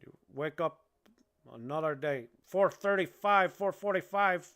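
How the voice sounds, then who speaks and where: A man's voice: sits high, measured pace, a bit bright, smooth. A man putting on a brash Cuban gangster with a Cuban Spanish accent, rambling and boastful with constant "man"s. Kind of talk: comedic impression on a livestream.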